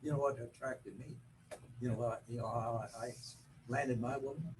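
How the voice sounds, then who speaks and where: A man's voice: medium pitch, steady tone, moderate pace, background noise. A man in a group conversation, chatting and reminiscing.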